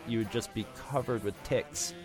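A medium-pitched male voice at a moderate pace comes over soft background music. The man co-hosts an anime podcast in casual conversation, a rambling storyteller who imitates folksy drawls.

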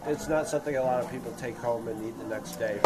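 A man's voice: medium pitch, quick pace, loud music behind the voice. A man hosting a podcast in casual chat, rambling through his points with many restarts, recorded outdoors at a public market. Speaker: podcast host. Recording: outdoor market with crowd chatter.

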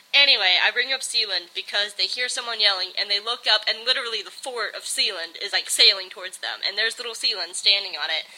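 A woman's voice: mid-range voice, sharp tone, poor audio. A young woman giving a casual, bubbly review, rambling and filling her talk with "like". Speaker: video reviewer.

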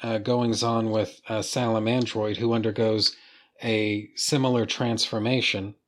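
A man's voice: lowish voice, flat delivery, unhurried. A man reviewing comic books in a casual, enthusiastic video commentary, swearing freely as he talks.

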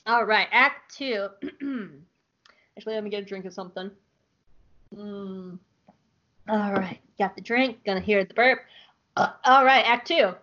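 A woman hosting a podcast, recapping an episode in an animated, profane, jokey way on a close mic. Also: medium pitch, measured pace, long pauses, lo-fi sound. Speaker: podcast host.

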